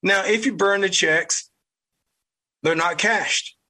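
A man with a Southern US accent, hosting a podcast with blunt, fired-up political commentary, mild cursing and a husky voice. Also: high-pitched, slow pace, pushed and bright. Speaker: podcast host.

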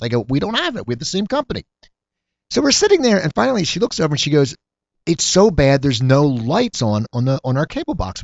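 A man hosting a talk show, telling a casual, animated story to his audience. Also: medium pitch, dry recording. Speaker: host. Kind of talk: casual chat. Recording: dull lo-fi sound.

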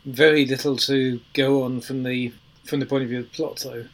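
A man's voice: mid-range voice, level tone, brisk, rough recording. A man on a podcast panel chatting casually, weighing his opinions with ums and qualifiers. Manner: thoughtful, qualifying opinions with fillers.

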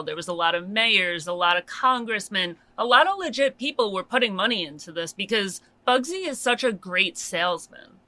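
Bright, crisp-voiced woman telling true crime. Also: mid-range voice, dry recording. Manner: chatty, conversational asides. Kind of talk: casual true crime narration.

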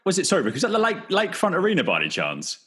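A male interviewer keeps the chat moving with eager questions. He talks fast, and his pitch leaps up and down. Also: wildly swooping pitch, fairly bright tone. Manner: eager, quick questions and backchannels. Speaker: podcast host, interviewer. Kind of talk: casual interview.

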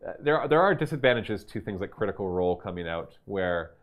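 Man, very low voice, casual livestream host, animated, chatty. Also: a little fast, highs cut off. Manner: chatty, animated, laughs easily. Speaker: host and game master of a gaming store stream. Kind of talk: casual livestream chat answering viewer questions.

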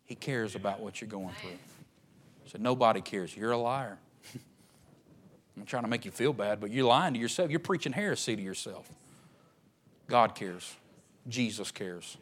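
A man preaching a sermon in a folksy, joking way, swinging from low and soft to loud, high shouting. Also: expressive, normal speed, pauses often.

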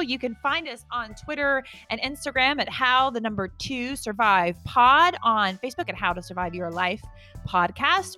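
A woman's voice: a little high, sharp tone. A woman hosting a casual podcast, upbeat and laughing often as she gives out points. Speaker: podcast host. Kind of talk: casual chat.

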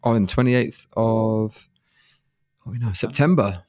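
Lower-voiced man hosting a podcast. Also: unhurried, darkish tone, no echo, studio quality. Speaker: podcast host. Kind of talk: casual podcast chat.

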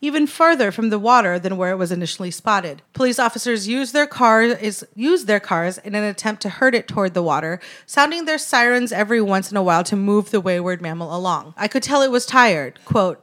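A woman's voice: medium pitch, fairly bright tone. Chatty woman podcast co-host. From immigrant to the United States. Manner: laughs often, reads news aloud with sarcastic asides. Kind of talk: casual podcast chat.

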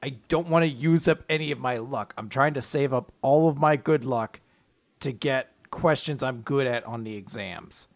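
A man's voice: mid-range voice, moderate pace, no echo, close to an everyday voice. A man voicing an anxious, studious teenage girl from a manga, speaking earnestly.

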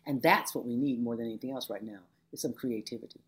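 An older woman looking back on her years as a labor educator in an interview, animated, acting out the voices of people in her stories. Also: rumbling low, quick pace. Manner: animated storyteller, acts out quoted voices. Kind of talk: reflective oral-history interview.

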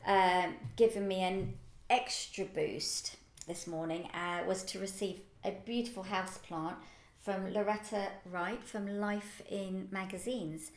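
A woman co-hosts a local podcast from an office or shared workspace, chatting casually and upbeat while wandering off with fillers. Her mid-range voice is fairly even in intonation and a little slow, recorded in a roomy, echoey room.

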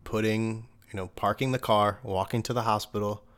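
A man's voice: lowish voice, steady tone, normal speed, a bit bright. A young man, a podcast host, telling a personal story in a loose conversational way, swearing now and then and laughing between thoughts. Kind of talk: casual storytelling monologue.

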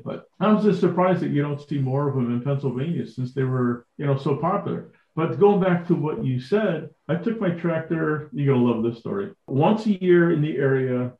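A middle-aged man spins casual anecdotes, putting on voices for the people in his stories and breaking into laughter. His voice sits in an ordinary middle range. The audio is echoey and a little dull, as if recorded in a bare room on a lo-fi mic. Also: medium pitch. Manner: animated, acts out quoted dialogue, laughs often. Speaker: guest, vintage tractor collector.

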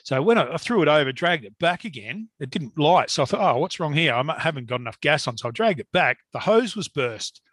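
Man, casual storyteller, slightly high voice, dry close mic, salty and lively. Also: a little fast, hardly any pauses, husky, dry recording. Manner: swearing, animated storytelling with laughs. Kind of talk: casual chat.

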